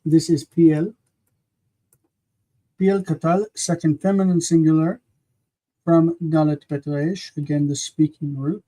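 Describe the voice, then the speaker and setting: A man leads an online class in a somewhat high voice, affirming his students' answers and gently correcting how they pronounce words. He sounds like he is on a video call. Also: steady tone, a little slow, pauses often, poor audio. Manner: encouraging, gently corrects pronunciation. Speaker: teacher.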